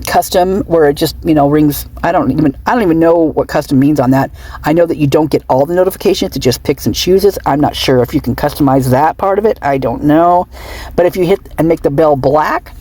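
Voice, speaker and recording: A woman's voice: deep voice, mellow. A woman true crime vlogger talking off the cuff in a chatty, rambling way with giggly asides. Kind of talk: unscripted casual vlog chat.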